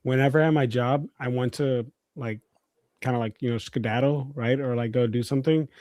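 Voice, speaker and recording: A man's voice: medium pitch, steady tone, brisk, darkish tone, no echo, studio quality. Chatty male co-host, lots of fillers. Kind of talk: casual sports talk.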